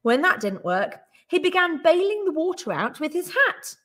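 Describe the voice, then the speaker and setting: A woman teacher reading a children's story aloud with expressive, animated storytelling. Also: very high voice, normal speed.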